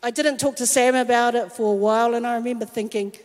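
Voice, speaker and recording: A woman giving a personal testimony sermon, telling her story in a lively way and acting out the voices she quotes. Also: fairly high pitch, fast talker. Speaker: worship singer and speaker. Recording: long reverb of a large hall.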